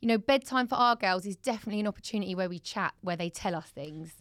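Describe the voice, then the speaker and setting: A woman in her thirties chatting casually as a podcast co-host, telling an animated parenting story. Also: medium pitch, fast talker, no room sound, studio quality. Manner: animated storyteller, acts out a child's voice in quotes. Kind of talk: casual chat.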